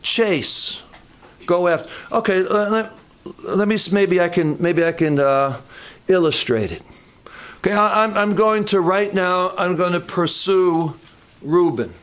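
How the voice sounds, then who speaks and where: A man's voice: sits high, unhurried, fairly bright tone. A man preaching a sermon in church, emphatic and questioning his congregation.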